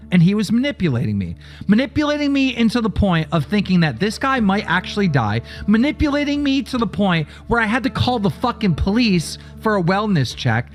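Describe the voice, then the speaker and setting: Agitated man swearing through a story. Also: high-pitched. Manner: profane, agitated, acts out both sides of the call. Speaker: streamer recounting a phone call. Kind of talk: heated storytelling.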